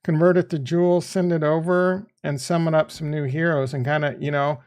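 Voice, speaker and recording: A man livestreaming a crypto game and chatting to viewers, excitable and rambling, laughing often and swearing casually. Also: fairly high pitch, fairly quick, smooth. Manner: rambling, thinks aloud. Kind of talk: live stream commentary.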